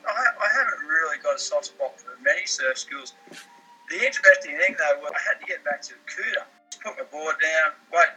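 A man rants through a long complaint story, exasperated and swearing as he rambles. His voice is forceful and slightly husky. Faint music sits behind him. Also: on the high side, low-quality recording. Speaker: caller with a complaint. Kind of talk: casual storytelling rant.

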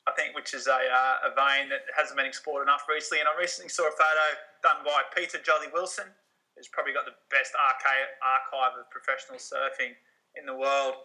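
A middle-aged man co-hosting a podcast, chatting casually with wry, deadpan humor. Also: medium pitch, brisk, rough recording. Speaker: podcast co-host. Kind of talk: casual chat.

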